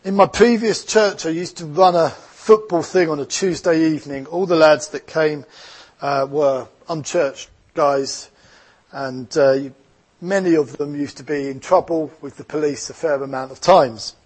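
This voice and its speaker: A man's voice: fairly high pitch, a little slow, a little mellow, breathy edge. A man with an Essex English accent preaching a sermon as a pastor, earnest and reflective, mixing scripture with personal stories.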